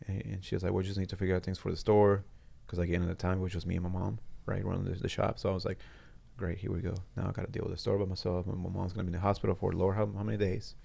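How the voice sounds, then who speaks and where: Male interview guest, low gravelly voice, earnest and halting, restarts sentences often. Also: level tone, mellow. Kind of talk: personal storytelling in a studio interview. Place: studio.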